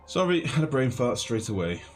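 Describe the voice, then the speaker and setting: This young streamer has a sing-song, mid-range voice and talks fairly quickly while he plays a video game. He chats to his viewers in a flustered manner and mocks himself, as music plays clearly underneath.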